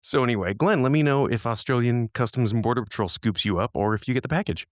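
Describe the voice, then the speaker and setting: A man's voice: medium pitch, fast talker, no room sound, clean studio sound. A man co-hosting a podcast in casual chat, talking in a rambling, easygoing way and laughing easily. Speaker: podcast co-host.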